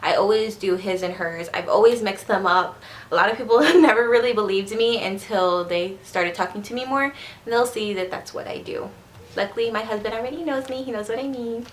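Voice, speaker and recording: A woman vlogger whose first language is Spanish talks to camera in a rambling, chatty way, slurring her words a little when she speaks fast. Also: mid-range voice. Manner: chatty, rambling, repeats herself. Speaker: beauty vlogger. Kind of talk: casual chat to camera.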